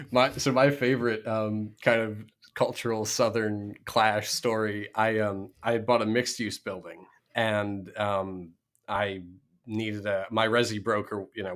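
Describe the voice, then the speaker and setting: A man from Minnesota, a real estate investor, telling stories as a podcast guest with high energy, blunt profanity and quick restarts. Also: flat delivery, fairly bright tone. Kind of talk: casual interview storytelling.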